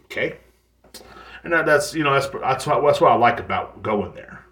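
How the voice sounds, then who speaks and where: A podcast host rants alone in an echoey room, his mid-range, fairly bright voice expressive and paced at normal speed. The casual monologue is blunt and full of profanity, fillers, and restarts.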